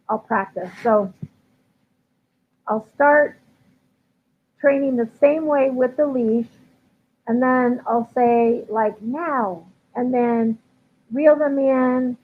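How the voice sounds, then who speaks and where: A woman dog trainer answering viewer questions in a casual live stream, chatty with frequent ums and likes. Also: fairly high pitch. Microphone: livestream computer mic. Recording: tinny phone-like line with faint hiss.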